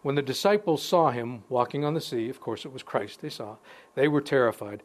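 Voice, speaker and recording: A man with a mid-range voice leads an informal Bible study, reading scripture in a conversational way. He pauses between verses to comment and restarts phrases as he goes.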